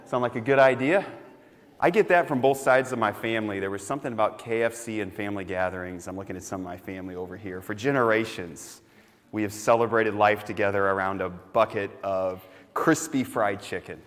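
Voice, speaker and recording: Low-voiced pastor in a reverberant hall. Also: male voice, brisk. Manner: conversational, warm storytelling that drops to soft, quiet emphasis. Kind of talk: sermon with personal storytelling. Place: church sanctuary.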